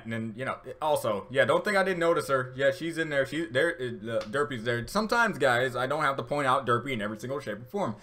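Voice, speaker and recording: A man's voice: mid-range voice, sharp tone. A man hosting a casual reaction video, rambling with many fillers and restarts, and getting emotional at times. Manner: emotional, laughing through tears.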